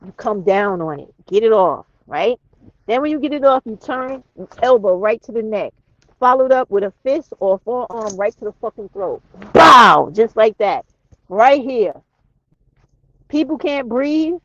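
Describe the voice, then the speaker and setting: Speaking at a moderate pace with lively intonation, a woman with a highish, darkish voice hosts a live chat from her car, cursing often and speaking bluntly and emphatically. There's no room sound, and the recording is dry and dull.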